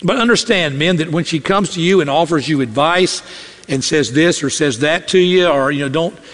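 A man preaches a sermon from a church pulpit with an animated delivery. He slips into the voices of the people he quotes. His voice sits high, and it rings out with a long hall reverb. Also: moderate pace. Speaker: pastor. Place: church sanctuary. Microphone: podium or stage mic.

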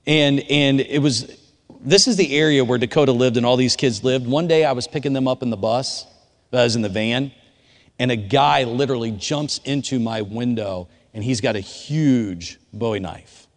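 A pastor delivering a sermon as a story, his voice sinking to near hush and then climbing to shouts. Long reverb from a church hall trails after his words. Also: mid-range voice, moderate pace. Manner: swings from hushed storytelling to shouted quotes. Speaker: youth pastor.

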